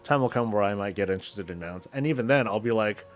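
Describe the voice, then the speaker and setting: A male game streamer with a lowish voice, talking in a relaxed, slangy ramble while he plays. He thinks out loud and drifts from point to point. Soft music plays faintly under him. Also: quick pace, hardly any pauses. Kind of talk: casual chat while gaming.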